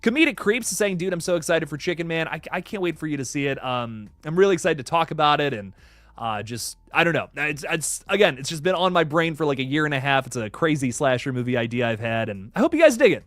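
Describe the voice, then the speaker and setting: A young adult man, hosting a casual live stream and chatting in an excitable, rambling way with many fillers. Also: a little high, quick pace, no room sound. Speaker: horror news streamer.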